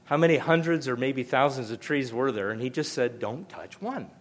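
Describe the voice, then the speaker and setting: An older male pastor delivers a sermon in a voice of ordinary middle pitch. He talks conversationally but with emphasis, repeating key points to drive them home. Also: a little fast.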